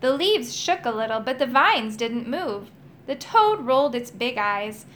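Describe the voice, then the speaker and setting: A woman reading a children's chapter book aloud in an expressive storytelling style. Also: on the high side, a little slow. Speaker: audiobook reader.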